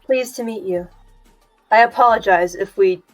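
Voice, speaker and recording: A woman's voice: medium pitch, normal speed, faint music behind, close to an everyday voice, rough recording. A woman playing a stiff, courteous male adventurer. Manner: stiff, polite and quiet.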